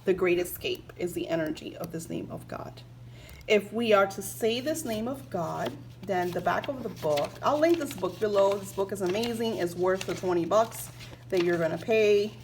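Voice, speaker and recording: A woman talking to her viewers about her spiritual practice in a casual, gushing way, full of fillers. She gets emotional easily and reads book passages aloud in the same warm, chatty voice. A faint hiss sits under the recording. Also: mid-range voice, expressive, moderate pace, rough recording. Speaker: spiritual vlogger.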